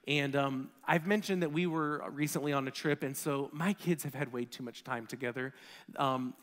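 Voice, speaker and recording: A man in his thirties, a pastor giving a conversational sermon, animated as he tells stories about his kids. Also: mid-range voice, moderate pace, big-room sound. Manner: conversational, animated storytelling with acted quotes.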